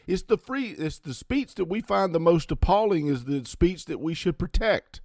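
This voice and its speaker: A man's voice: sits high, animated, moderate pace, few pauses, darkish tone, no room sound, studio quality. Blunt, profane man in his fifties ranting. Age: 50s. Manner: sarcastic asides. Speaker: host. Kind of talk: political rant to camera.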